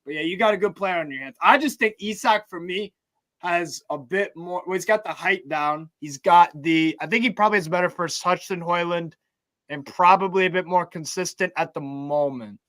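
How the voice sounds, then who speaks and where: A man's voice: sits high, normal speed, a bit bright, no echo. A man on a football fan podcast panel, opinionated and talking tactics. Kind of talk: casual fan podcast debate.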